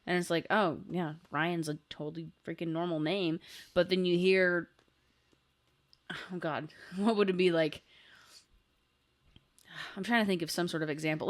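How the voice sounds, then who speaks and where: A woman in her thirties co-hosting a podcast in casual chat, rambling with lots of filler words and eager asides. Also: on the low side. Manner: rambling, full of "like" fillers, enthusiastic. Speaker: podcast co-host.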